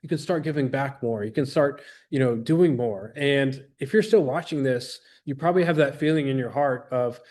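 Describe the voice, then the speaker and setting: A man's voice: medium pitch, moderate pace, hardly any pauses, a little mellow. A man in his thirties, a business trainer giving an earnest, rambling motivational talk to an audience, full of restarts and acted-out quotes.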